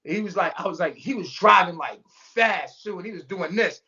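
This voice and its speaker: A man's voice: sits high, a little fast, sharp tone, lo-fi sound. A man telling a story in casual talk, acting out every quote with big jumps in his voice and swearing freely. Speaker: storyteller guest. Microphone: remote call mic.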